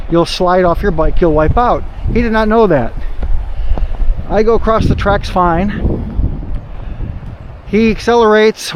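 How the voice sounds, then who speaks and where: A man from Ohio talking his way along a river trail in a casual hiking vlog, chatty and rambling, quick to exclaim at what he finds. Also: sits high, a little hiss or hum. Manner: chatty, rambling, easily surprised. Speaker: hiking vlogger. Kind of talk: casual outdoor vlog narration.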